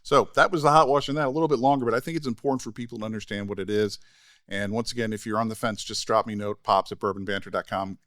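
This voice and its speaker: Podcast co-host, male, low register, animated storyteller, dry booth sound. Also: racing, dry recording. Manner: animated storyteller, acts out quoted voices. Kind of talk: casual podcast chat.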